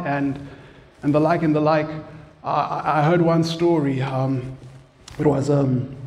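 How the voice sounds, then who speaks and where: Male preacher, conversational, acts out quotes, voice a bit high, long hall reverb. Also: mellow. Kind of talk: sermon.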